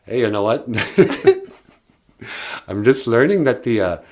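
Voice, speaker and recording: A man co-hosting a podcast in easygoing, halting casual chat with many fillers. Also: medium pitch, lively intonation, a little mellow. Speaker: podcast co-host. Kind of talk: casual comedic radio chat.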